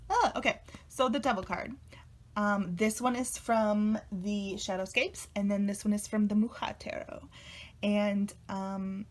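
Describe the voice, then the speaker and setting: A young woman chatting casually to camera for her video channel, gushing and emotional, often trailing off with fillers. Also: mid-range voice. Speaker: tarot vlogger.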